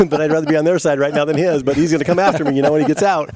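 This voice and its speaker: Fast-talking man telling a story. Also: fairly high pitch, dry recording. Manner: animated anecdote-telling, acting out quoted voices. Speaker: guest, retired motocross racer. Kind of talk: casual storytelling.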